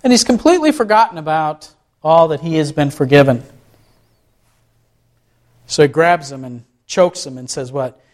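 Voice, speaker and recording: A man's voice: fairly high pitch, animated, moderate pace, long pauses. A man giving a conversational sermon, asking the listeners rhetorical questions and often restarting his phrases. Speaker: pastor.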